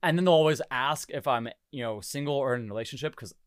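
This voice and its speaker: A young podcast host in his twenties talks at a quick pace, his medium-pitched voice clean in tone. He laughs and acts out quotes while animatedly telling stories in casual chat, recorded at studio quality with no room sound.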